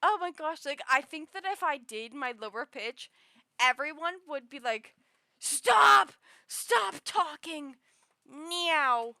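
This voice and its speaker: A young woman streamer chatting casually with viewers in a high, girlish voice, rambling and giggling with frequent restarts. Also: expressive, moderate pace, pushed and bright, no echo, studio quality. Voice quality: high, girlish voice others have called annoying.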